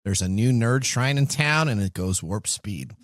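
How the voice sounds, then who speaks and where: A man's voice: fairly low pitch, expressive, normal speed, no echo, studio quality. A man hosting a tech and whiskey radio talk show, reading news items with jokes and laughing often. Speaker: host. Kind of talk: casual radio banter.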